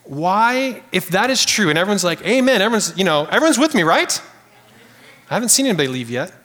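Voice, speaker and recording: A man preaching a sermon in a church sanctuary, animated and conversational, calling out to the congregation. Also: high voice, quick pace, long reverb tail. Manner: animated, conversational preaching with audience call-outs. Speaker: pastor.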